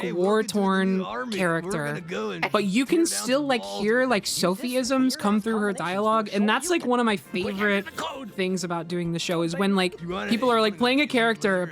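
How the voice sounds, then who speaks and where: A woman, a voice actor, chatting casually in a group commentary, telling a story with frequent laughs and fillers. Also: mid-range voice.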